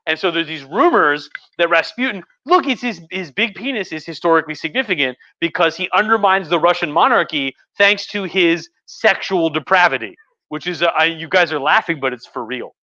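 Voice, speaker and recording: A man's voice: a little high, lively intonation, brisk, bright, forceful tone. A man who is a history professor, tipsy on wine, telling history in a rambling, jokey way with many restarts on a livestream. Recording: slightly muffled livestream audio.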